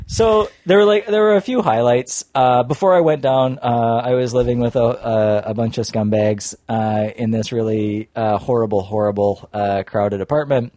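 A man's voice: mid-range voice, unhurried, dark tone, dry recording, clean studio sound. A young man co-hosting a casual podcast chat, telling a self-mocking story with lots of fillers and restarts. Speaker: podcast co-host.

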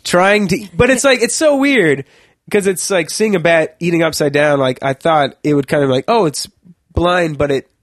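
A man's voice: a little high, moderate pace, no echo, clean studio sound. A young man chatting casually on a podcast, telling a long rambling story, laughing mid-sentence and swearing now and then.

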